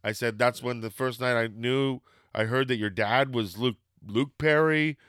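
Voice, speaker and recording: A man from Canada telling a casual story on a podcast, animated and swearing as he acts out what people said. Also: medium pitch, measured pace, clear, resonant tone, dry recording, clean studio sound.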